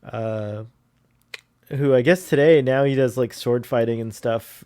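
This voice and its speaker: A man's voice: mid-range voice, a little slow, warm tone, smooth, no echo, clean studio sound. A man chatting casually as a guest on a fan commentary podcast, rambling and laughing often.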